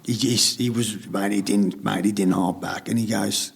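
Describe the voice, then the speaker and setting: A man's voice: lowish voice, fairly even intonation, normal speed, vocal fry, slightly rough. A middle-aged Australian man telling his story in casual conversation, blunt and swearing freely. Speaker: podcast guest.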